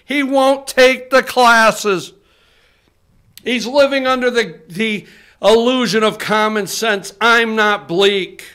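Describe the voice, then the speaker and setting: A man's voice: very high-pitched, slow, sharp tone, clean tone. A man hosting a political talk show, ranting heatedly to the camera, swearing and repeating himself as he lectures viewers directly. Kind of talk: fired-up political rant to camera. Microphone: studio camera.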